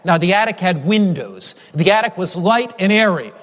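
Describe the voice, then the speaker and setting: Brief: male preacher with a high voice, emphatic sermon delivery full of repetition and stories, long reverb of a large hall. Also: sing-song, moderate pace, fairly bright tone. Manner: emphatic, builds through repeated phrases and storytelling.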